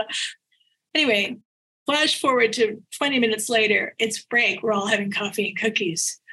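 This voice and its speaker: A woman, an author being interviewed, telling stories in an animated way and laughing often as she talks. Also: fairly high pitch, breathy edge, rough recording. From United States. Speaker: author guest. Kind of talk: casual interview storytelling.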